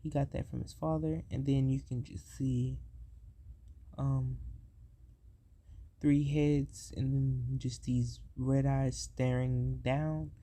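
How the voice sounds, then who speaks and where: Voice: medium pitch, level tone, slow, warm tone. A young adult casually retelling an invented anime story, rambling and hesitant, restarting sentences and making up names as they go. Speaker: fan storyteller.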